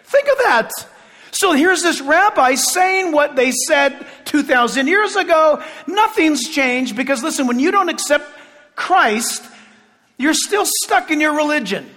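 A man preaching a sermon with passion, shouting at points and making sarcastic asides. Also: extremely high pitch, expressive, measured pace, long reverb tail.

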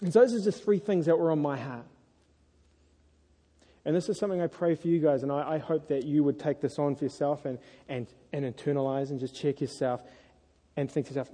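A married man preaching a sermon to a congregation, earnest and lively when he tells stories. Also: on the high side, brisk. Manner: earnest, animated storytelling. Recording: echoey hall.

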